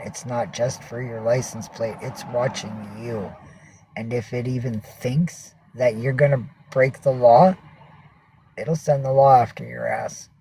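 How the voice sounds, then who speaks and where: A woman's voice: rumbling low, mellow, slight background noise, poor audio. A woman hosting a casual livestream from home, rambling and swearing as she greets viewers and coaxes her cats. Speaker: livestream host.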